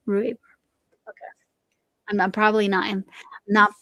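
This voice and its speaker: A woman's voice: medium pitch, level tone, moderate pace, long pauses, a bit bright, dry recording, low-quality recording. A middle-aged woman hosting a crochet livestream, rambling in casual chat with a voice that is slightly going. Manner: rambling, chatty, trails off and restarts.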